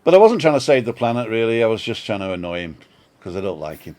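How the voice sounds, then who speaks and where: A man's voice: lowish voice, big pitch swings, quick pace, a little mellow. Older man rambling through a story. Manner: rambling storyteller, chuckling, self-mocking. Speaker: vlog co-host. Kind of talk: casual chat on a live stream. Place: home balcony.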